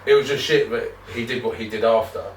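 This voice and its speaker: A man's voice: mid-range voice, fairly even intonation, brisk. A man co-hosting a podcast, telling rambling, sweary stories in casual chat and laughing often. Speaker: podcast co-host. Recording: roomy, distant mic with faint noise.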